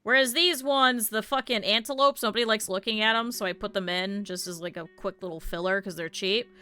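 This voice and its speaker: A woman streamer chatting casually to her live chat, blunt and swearing freely, with lively quoted asides. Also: mid-range voice, brisk, clear, resonant tone, faint music behind.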